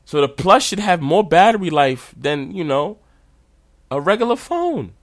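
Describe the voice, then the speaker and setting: A man hosting a podcast, ranting in a casual, animated, slangy way. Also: on the high side, unhurried, no echo, studio quality. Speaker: podcast host.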